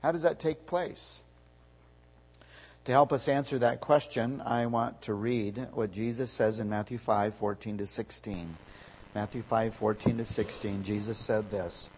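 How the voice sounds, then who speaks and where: A man preaching a sermon as a pastor, emphatic, his voice swelling louder on key words. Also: fairly low pitch, steady tone, measured pace, a little hiss or hum, low-quality recording.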